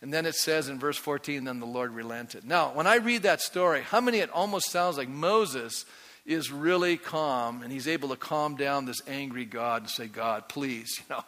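A male pastor preaching a sermon to his congregation, animated and constantly asking them questions. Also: on the high side, normal speed. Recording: long hall reverb.

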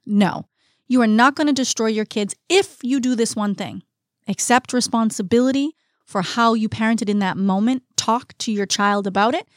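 A woman's voice: a little high, moderate pace, no room sound, studio quality. A woman co-hosting a casual parenting chat, candid and confiding, talking straight to her listeners. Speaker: podcast co-host.

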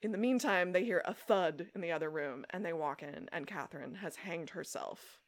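A woman co-hosting a podcast recaps a TV episode in casual conversation, swearing freely and acting out the characters' lines with animation. Her voice is lowish and her speed normal.

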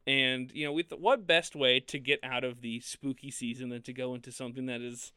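Bright, animated man co-hosting a podcast. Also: mid-range voice, a little fast, clean tone, no echo. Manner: animated, laughs often, restarts. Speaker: podcast co-host. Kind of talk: casual podcast chat.

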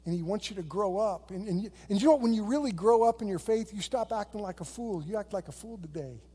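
A middle-aged man preaches a sermon as a pastor, weaving stories into it in an easygoing, conversational way. His voice sits high for a man yet sounds warm and mellow. A long reverb trails behind him in a large hall. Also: lively intonation, fast, slightly rough.

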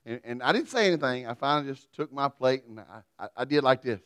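A middle-aged man, preaching a sermon through a folksy, self-deprecating personal story, swinging from loud to quiet. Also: mid-range voice, expressive, quick pace, smooth, no echo. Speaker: pastor.

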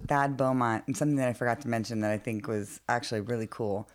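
A man's voice: mid-range voice, fairly even intonation, fast, slight background noise. Chatty, easily laughing male podcast co-host. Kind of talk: casual podcast chat.

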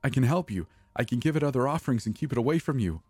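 A man's voice: a little high, slow pace, vocal fry, warm tone, no room sound, voice pushed up, heavily acted. A man reading a horror story, voicing a cornered young woman who shrieks, begs and curses in a raised voice. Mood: desperate. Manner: shrieking, begging and cursing.

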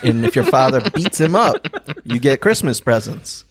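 A man's voice: medium pitch, sing-song, moderate pace, slightly rough, no room sound. A man co-hosting a comedy podcast, telling a joke story and laughing through it. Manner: laughs through his own bits. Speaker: podcast co-host. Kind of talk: casual comedy chat.

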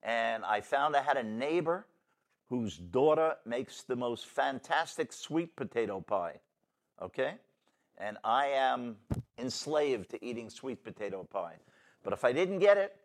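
A man hosting a casual political talk show, rambling and blunt in a folksy way. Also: mid-range voice. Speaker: show host.

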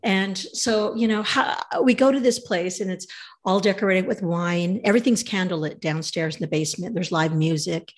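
A woman telling a travel story in a casual, animated way, acting out the voices of the people in it. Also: fairly low pitch, moderate pace.

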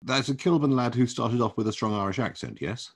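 A man's voice: mid-range voice, expressive, fairly quick, husky. A man interviewing a guest with brief, probing follow-up questions.

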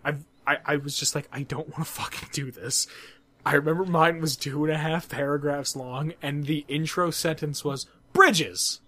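A man's voice: fairly high pitch, fairly even intonation, normal speed, fairly bright tone. A young man co-hosting a podcast, telling a long school story in casual chat, rambling and cursing and laughing at his own jokes. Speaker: podcast co-host.

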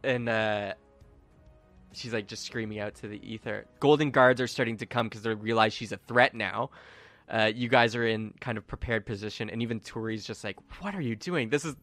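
A man's voice: lowish voice, steady tone, normal speed, fairly bright tone, dry recording, faint music behind. A man acting as game master, narrating a tabletop game casually with many fillers.

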